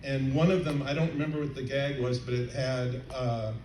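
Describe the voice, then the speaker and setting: An older man chatting on a convention panel, halting with many fillers and restarts. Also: mid-range voice, fairly even intonation. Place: convention hall panel stage. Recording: roomy, distant, faint crowd noise.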